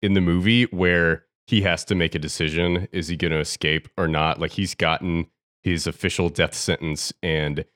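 A man co-hosting a film podcast, talking in a relaxed way with some swearing. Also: low-pitched, moderate pace, no room sound, studio quality. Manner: relaxed, casual with mild swearing. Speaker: podcast co-host. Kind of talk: casual film discussion.

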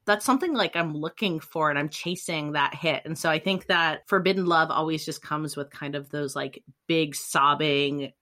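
A woman co-hosting a podcast, talking in an animated, reflective way. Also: deep voice, moderate pace, few pauses. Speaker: podcast co-host. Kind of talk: casual podcast chat.

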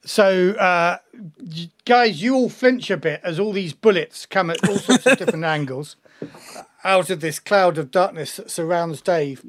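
A man's voice: high voice, unhurried, no room sound, studio quality. A man running a tabletop game as game master, hesitant, with many fillers and chuckles.

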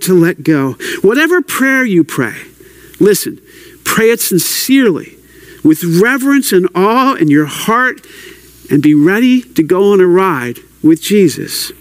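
A man's voice: high-pitched, dry recording. A man preaching a sermon, earnest and pleading, leading his listeners in prayer and teaching on scripture. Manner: earnest, pleading, prays aloud.

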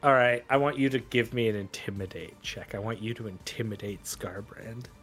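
A man's voice: on the low side, fairly even intonation, moderate pace, fairly bright tone, soft background music. A man narrating as game master, rambling with many fillers.

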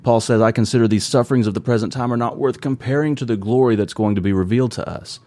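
A man's voice: mid-range voice, quick pace, a little mellow, dry recording. A man in his thirties preaching a sermon, earnest and conversational, asking the congregation rhetorical questions.

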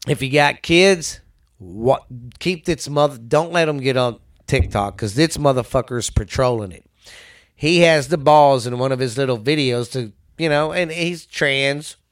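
A man with a mid-range voice, ranting in a blunt, profane, conversational way. He hosts a casual talk show, full of swearing and quick asides. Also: medium pitch.

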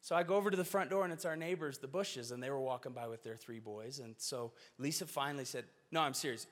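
A man's voice: medium pitch, fast. A man preaching a sermon, earnest and storytelling, with shifting emphasis. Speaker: pastor. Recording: long hall reverb.

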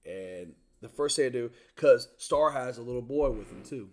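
A man in a casual chat, excitedly retelling movie scenes and acting out the lines. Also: medium pitch, normal speed, gravelly. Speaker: movie reviewer.

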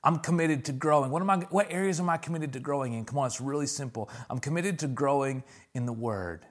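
A man's voice: mid-range voice, fast talker. A man preaching a sermon as pastor, calling out "come on" and pressing his points with rising intensity.

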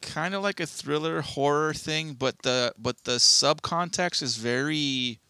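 A man with a bright, forceful voice chats on a podcast, rambling through stories and swearing freely. His voice is close and dry, with no room sound at all. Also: on the high side, measured pace, smooth, no room sound. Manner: profane, rambling storyteller. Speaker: podcast co-host. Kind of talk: casual podcast chat.

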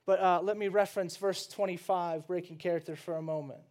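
Male preacher, high-pitched, chatty and animated, sermon with acted dialogue. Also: brisk. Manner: animated, conversational, with frequent restarts and asides.

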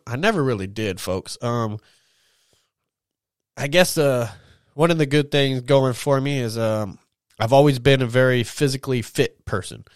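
A young podcast host talks casually and profanely about whatever comes up, often ending lines with a long "man." He has a medium-pitched voice, and the studio-quality recording has no echo.

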